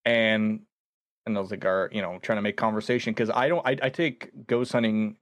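A man's voice: lowish voice, fairly even intonation, brisk, dry recording. A young man guesting on a podcast, telling a ghost-hunting story in casual chat, acting out quoted voices and laughing often.

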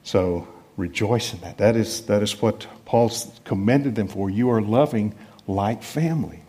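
A middle-aged man from the United States preaching a sermon in a conversational, self-deprecating way with lively emphasis. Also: fairly low pitch, unhurried, breathy edge. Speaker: pastor.

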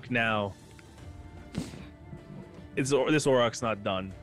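A man running a tabletop game, his pitch sitting squarely in the middle for a man. He narrates combat in a relaxed, rambling way, stopping to count dice aloud. Soft music plays faintly in the background. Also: slow pace. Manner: casual, loose narration full of fillers and restarts, counts dice aloud. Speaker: game master.

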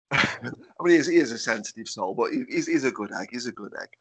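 A man's voice: mid-range voice, lively intonation, fairly quick, a bit bright, slightly rough. A man with a Stoke accent hosting a podcast, jokey, laughing often and restarting his sentences. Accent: Stoke-on-Trent. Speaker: podcast host. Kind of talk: casual podcast chat.

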